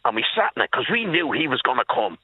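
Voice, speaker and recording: A man's voice: medium pitch, sing-song, fast talker, breathy edge, no room sound. A man in his sixties with a Dublin accent, calling in to a radio show and telling a story emphatically while addressing the host by name. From Dublin, Ireland. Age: 60s. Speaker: caller. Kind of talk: phone-in storytelling. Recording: tinny phone line.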